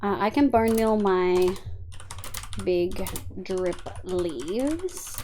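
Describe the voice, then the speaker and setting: A woman's voice: mid-range voice, lively intonation, very slow, dark tone, slight background noise. A young Australian woman streaming live, chatting candidly and thinking aloud while she plays, with casual swearing and fond scolding of her cat.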